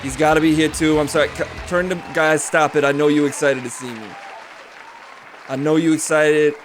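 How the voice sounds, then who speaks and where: Guy doing a loud cocky ex-mayor, higher voice, keeps hollering insults at his rival. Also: fairly even intonation, normal speed, soft background music, some chatter behind, lightly acted. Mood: boastful. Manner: boastful, trash-talking, shouty. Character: brash insulting loudmouth male ex-mayor.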